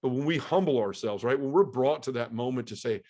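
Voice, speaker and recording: A man's voice: medium pitch, brisk, darkish tone. A middle-aged man giving an earnest, heartfelt personal testimony as a podcast guest, restarting his sentences as he goes.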